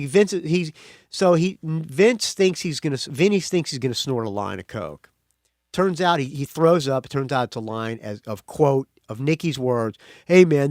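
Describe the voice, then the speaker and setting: A man's voice: fairly high pitch, no echo, clean studio sound. A male podcast host giving a casual movie review monologue, blunt and profane, with frequent restarts.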